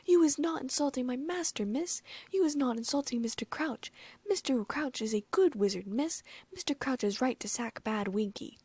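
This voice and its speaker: A woman's voice: medium pitch, normal speed, a little mellow, dry recording, close to an everyday voice. A woman reading an audiobook, voicing a tearful, fiercely loyal female house elf who speaks in broken grammar. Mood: tearful, indignant. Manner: broken grammar, sobbing and indignant. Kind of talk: audiobook character voice.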